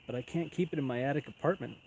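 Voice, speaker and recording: A man voicing a gentle old male ghost who answers in short, calm words in a storybook reading. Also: medium pitch, racing, slight background noise, lightly acted, poor audio.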